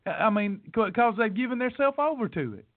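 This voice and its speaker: High-voiced man preaching bluntly, tinny audio. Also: big pitch swings, brisk, dry recording. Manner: blunt, scolding, teasing, repeats himself for emphasis. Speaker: weight loss podcast host. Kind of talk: preachy motivational rant.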